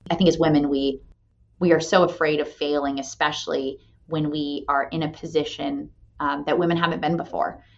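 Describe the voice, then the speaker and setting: A woman in her thirties, a company president and mother, telling a candid story and tagging her points with a quick "right?". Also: low-pitched, little pitch movement, creaky. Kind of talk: motivational talk. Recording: dull lo-fi sound.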